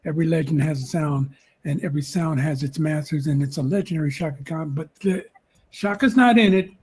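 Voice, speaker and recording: Husky guy hosting a live show, kinda high voice, rambles and restarts. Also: brisk, darkish tone. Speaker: show host.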